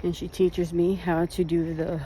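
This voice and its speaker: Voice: medium pitch, level tone, a little slow, mellow, slight background noise. A vlogger telling rambling, self-mocking stories while out on a walk. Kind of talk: casual storytelling on a walk. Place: outdoors, walking.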